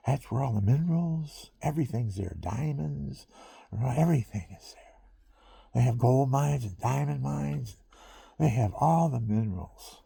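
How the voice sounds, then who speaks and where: A man's voice: medium pitch, vocal fry, mellow, slightly rough, no room sound. A man, older, talking in a rambling, casual monologue, repeating himself and dropping into whispery asides. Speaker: musician vlogger.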